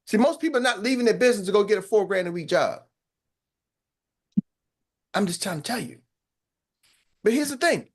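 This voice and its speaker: A man's voice: high voice, expressive, brisk, long pauses, husky. Blunt, emphatic male business coach. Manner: repeats phrases for emphasis. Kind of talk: motivational talk.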